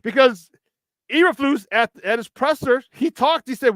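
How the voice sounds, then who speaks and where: Heated and emphatic, a high-pitched sports talk radio host rants at a moderate pace, hammering his points with repetition. His tone is fairly bright, and the recording is dry and close with no room sound.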